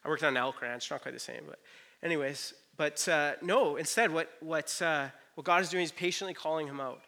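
A man's voice: a little high, fairly quick, creaky, sharp tone. A man in his thirties preaching a sermon in an earnest, conversational way, with frequent "you know" asides. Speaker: pastor.

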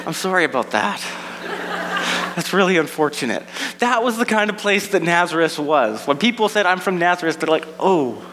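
A man's voice: fairly high pitch, a bit bright. Man preaching a sermon in an echoey hall. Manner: conversational, with repeated words and asides. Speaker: pastor. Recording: echoey hall with faint mains hum.

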